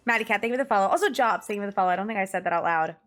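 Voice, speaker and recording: A young woman from the New York / New Jersey area chats casually with her stream viewers while gaming, swearing freely and laughing often. Her medium-pitched voice is expressive and fairly bright, and she talks at a racing speed.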